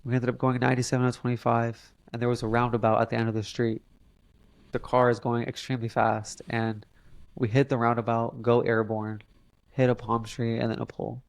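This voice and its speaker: A man's voice: mid-range voice, level tone, fairly quick, creaky, no echo. A young man telling a personal story in a casual, earnest way, often saying "like" as a filler. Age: young adult. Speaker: podcast guest.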